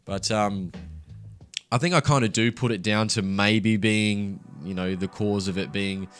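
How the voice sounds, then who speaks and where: A young man with a fairly low voice talks candidly in a relaxed podcast chat. He swears freely and laughs as he speaks, with faint music behind him. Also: measured pace, smooth. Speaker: podcast co-host. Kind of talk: casual chat.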